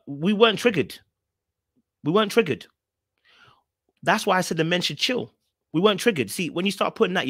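A man's voice: a bit bright, dry recording, studio quality. A male host commenting on a clip, talking straight to his chat and repeating his points. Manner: repeats phrases, talks to chat directly; mocks others in high exaggerated voices. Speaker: podcast host reacting to a clip. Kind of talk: live-stream commentary.

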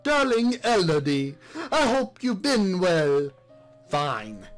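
A woman's voice: very deep voice, very slow, a bit bright, soft background music, voice pushed down, full character voice. A man voicing a sweet-talking, scheming noblewoman with an affected put-on accent. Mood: sugary.

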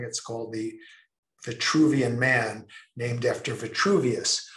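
A man leads an online creativity talk, delivered in an expressive lecture style with emphatic, drawn-out pauses. His voice sits at an ordinary male pitch. The recording sounds roomy and echoey. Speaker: speaker presenting a creativity session.

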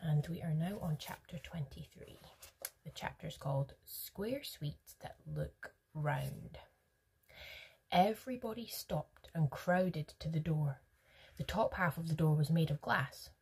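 A woman, a teacher, reading a children's storybook aloud with gentle narration and soft whispered stretches. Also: sits low, unhurried, gravelly, husky.

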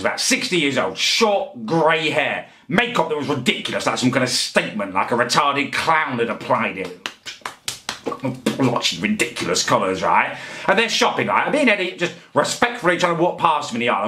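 A man's voice: medium pitch, sharp tone, echoey room. An English man ranting to camera in a comic, indignant, exasperated way. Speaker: vlogger. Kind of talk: comedic rant to camera.

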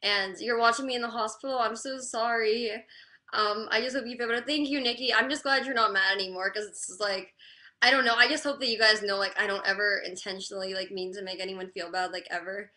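A crying woman talking haltingly and apologetically on a live stream, full of "like" fillers. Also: mid-range voice, fairly even intonation, sharp tone. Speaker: livestreamer reading chat.

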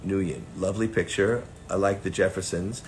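A man's voice: low-pitched, steady tone, normal speed, a little hiss or hum. A middle-aged man with a Long Island accent, chatting playfully and joking on a live autograph stream. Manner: playful, jokey, breaks into bits and songs. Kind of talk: casual live-stream chat.

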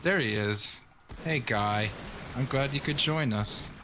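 A man streaming a multiplayer shooter with friends, chatting casually and joking in a deadpan way. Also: mid-range voice, slow pace. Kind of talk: casual gameplay chat. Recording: noisy game stream audio.

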